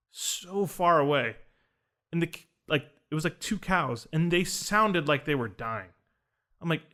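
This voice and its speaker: A man's voice: on the high side, a bit bright. A young man casually telling a personal story on a podcast, earnest and rambling, full of fillers and restarts. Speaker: podcast host recounting a ceremony.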